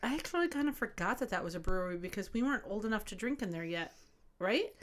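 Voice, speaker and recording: A woman co-hosting a podcast, telling a rambling story in an animated, casual way. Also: medium pitch, quick pace. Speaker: podcast co-host. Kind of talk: casual chat.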